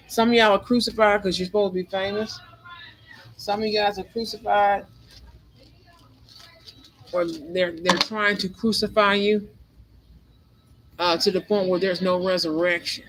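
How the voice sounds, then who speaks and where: A man's voice: high-pitched, fairly even intonation, normal speed, long pauses, fairly bright tone, a little hiss or hum, rough recording. A man giving a spiritual tarot reading monologue, rambling and emphatic, repeating phrases again and again. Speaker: tarot reader.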